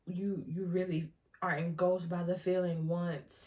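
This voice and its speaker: A young woman telling a casual storytime vlog, animated and often laughing, talking straight to her viewers. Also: lowish voice, a little slow. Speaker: vlogger.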